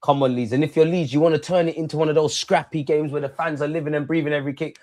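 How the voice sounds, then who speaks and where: A young man, hosting a live football watch-along. He chats casually and excitedly in slang, speaking straight to his viewers. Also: a little high, fast, few pauses. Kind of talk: casual live-stream chat and commentary.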